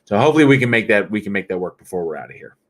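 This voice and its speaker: A somewhat low-voiced man hosts a late-night livestream and reads viewer comments aloud. He sounds tired but stays chatty and jokey, laughing often. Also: sing-song, rapid-fire. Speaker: livestream host. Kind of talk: casual livestream chat reading viewer comments.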